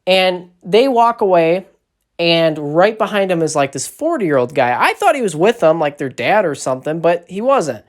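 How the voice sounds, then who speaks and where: A man casually telling a long, rambling story on a phone livestream, animated and swearing often. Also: a little high, moderate pace. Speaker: social media creator.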